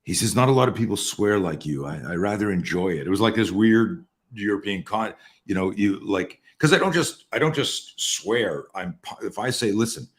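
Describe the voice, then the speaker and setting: A man in his sixties with a very low, deep voice tells stories as a podcast guest. His manner is casual, animated and full of swearing. He often doubles back and restarts his phrases. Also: moderate pace, hardly any pauses. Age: 60s. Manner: profane, animated storyteller with many restarts. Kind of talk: casual storytelling.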